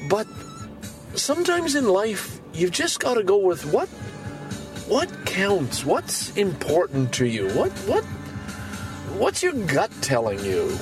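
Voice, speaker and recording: Lively sixty-five-year-old man podcasting. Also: slow, music in the background. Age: 60s. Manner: animated, swinging from low musing to loud outbursts; swears casually, repeats words when pushing a point. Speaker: podcast host. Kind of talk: casual monologue.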